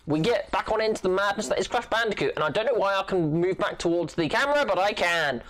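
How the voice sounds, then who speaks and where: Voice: medium pitch, lively intonation, normal speed, soft background music. A gaming channel host giving playful, goofy let's-play commentary, full of silly sound effects and chatter.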